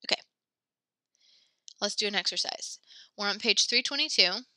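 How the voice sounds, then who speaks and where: A pregnant woman teaches a French lesson with a very bright, crisp voice. She is a little breathless, but she stays encouraging and patient. The recording is close and dry. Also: mid-range voice, normal speed, no room sound. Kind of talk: online class instruction.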